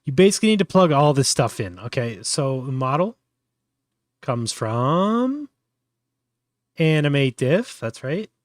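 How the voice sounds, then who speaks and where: A man's voice: mid-range voice, sing-song, unhurried, long pauses, dry recording, studio quality. A man hosting a casual live tutorial, thinking aloud with many fillers and restarts. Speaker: host.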